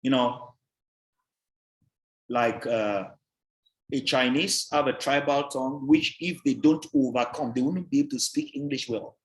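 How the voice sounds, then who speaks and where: A man's voice: mid-range voice, a little slow, pauses often. A man teaching a presentation skills class, stressing words hard, repeating key points and quizzing his listeners. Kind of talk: revision class lecture. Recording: roomy echoey sound.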